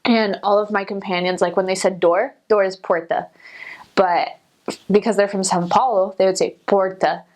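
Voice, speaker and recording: A woman's voice: steady tone, fairly quick, darkish tone. Chatty young woman, lots of "like". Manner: chatty, many "like" fillers, jumps up in pitch to quote people. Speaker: returned missionary vlogger. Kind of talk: casual storytelling to camera.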